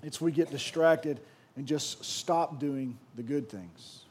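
High-voiced pastor preaching. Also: male voice, slow, breathy edge. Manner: lively storytelling with repeated restarts. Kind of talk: sermon.

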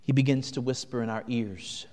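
A man's voice: medium pitch, fairly even intonation, normal speed. Earnest preacher man in a reverberant hall. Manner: earnest, swings from loud to hushed. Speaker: pastor. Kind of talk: sermon.

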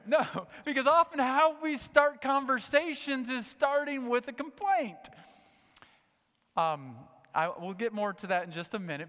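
A man preaching a sermon to a church congregation, animated, swinging between loud emphatic points and low, quiet asides. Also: long reverb tail. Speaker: pastor. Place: church sanctuary.

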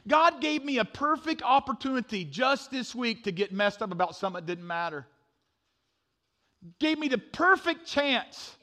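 A middle-aged man preaching a sermon, telling a funny story with animated swings from loud to hushed. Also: very high-pitched, moderate pace. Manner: animated storytelling, sudden drops to a hush. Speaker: pastor.

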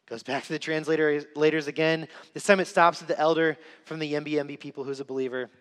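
Young guy preaching, earnest, keeps repeating stuff for punch, kinda high voice, big echoey church. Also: fairly even intonation, brisk, fairly bright tone. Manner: earnest storytelling with emphatic repetition. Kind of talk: sermon. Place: church sanctuary. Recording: reverberant church hall.

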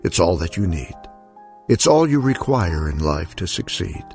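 A wise, kind figure speaking softly and gently in rhyme, with a very deep voice, as a male narrator reads him. Faint music runs underneath the storybook reading. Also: big pitch swings, a little slow, creaky, exaggerated voice. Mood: gentle reassuring. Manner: soft and gentle, rhyming verse.

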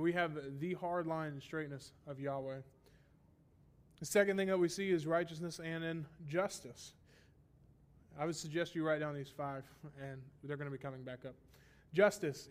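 A man teaching a Bible lesson in a sermon style, explaining step by step and often checking in with a rhetorical "right?". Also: fairly high pitch. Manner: stresses repeated phrases for emphasis.

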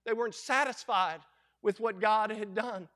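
A middle-aged man preaching a sermon as pastor, folksy and animated, acting out quoted lines. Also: sits high, normal speed.

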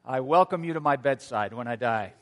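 A male pastor giving a sermon in an earnest storytelling manner, with a touch of gentle humor. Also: mid-range voice, brisk, big-room sound.

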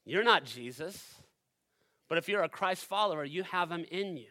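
A man preaching in a high, bright voice at a church service. He speaks straight to the congregation and moves between loud, driving stretches and quiet, hushed ones. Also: animated, moderate pace. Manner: addresses the congregation directly. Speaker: pastor. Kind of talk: sermon.

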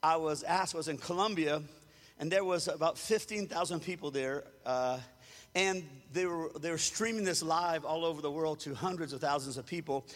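A man's voice: on the high side, moderate pace, big-room sound. A man from Louisiana, preaching a sermon as a storyteller who acts out the quotes and chuckles often. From Louisiana, USA. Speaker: pastor.

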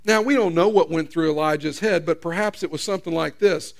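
A man's voice: a little high, fairly quick, vocal fry, few pauses. A male pastor giving a conversational sermon, reading Bible verses aloud and explaining them.

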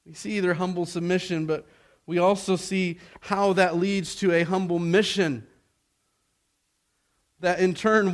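A man preaching a sermon, swinging between loud exhortation and hushed softness and asking rhetorical questions. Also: high-pitched. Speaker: pastor.

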